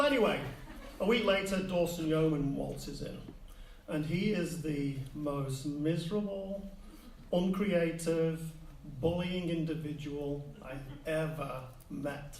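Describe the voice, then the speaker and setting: A middle-aged man from Manchester with a Mancunian accent, telling a humorous personal story to an audience in a playful, animated way. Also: a little high, distant mic, slight background noise. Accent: Mancunian English. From Manchester, England. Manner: playful, animated, with mock sound effects. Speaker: public speaker. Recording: echoey room, voice a little off-mic, faint ambience.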